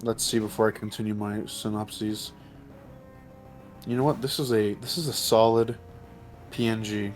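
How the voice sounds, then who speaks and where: Low-voiced man rambling through a recap. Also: steady tone, moderate pace, pauses often, soft background music. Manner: rambling, profane plot recaps. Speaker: let's play commentator. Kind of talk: casual game commentary with friends.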